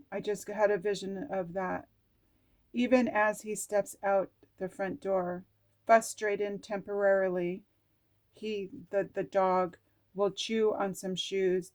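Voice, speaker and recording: Slow, gushing woman reading oracle cards. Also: medium pitch. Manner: gushing, exclamatory, laughing, often near tears. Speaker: oracle card reader.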